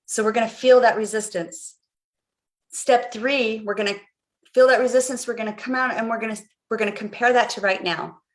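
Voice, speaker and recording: A woman's voice: on the high side, steady tone, a little fast. A middle-aged woman coaching viewers on a live stream, guiding them through a visualization in an earnest, repetitive way. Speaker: life coach.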